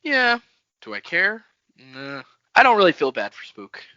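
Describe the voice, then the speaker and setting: A man with a bright, tense, lively voice gives blunt, jokey takes on a fantasy book. His pitch swings widely. The recording is dry and dull, with lo-fi audio. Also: measured pace, no room sound. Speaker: podcast co-host. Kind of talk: casual book-club chat.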